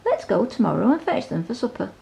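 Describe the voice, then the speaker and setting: A woman voicing a greedy, bullying big bad male wolf in a bedtime storybook, with loud, growly demands. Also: medium pitch, sing-song, quick pace, creaky, low-quality recording. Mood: wheedling.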